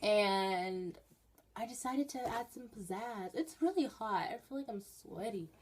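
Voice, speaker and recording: A teenage girl telling stories in a casual, rambling vlog from her bedroom, with bursts of excited emphasis. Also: mid-range voice, unhurried, slight background noise. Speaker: vlogger.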